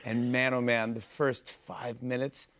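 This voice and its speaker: A man's voice: mid-range voice, little pitch movement, a bit bright. A man hosting a late-night talk show, gushing enthusiastically and laughing easily, in a studio. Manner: effusive, enthusiastic, quick to laugh. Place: television studio.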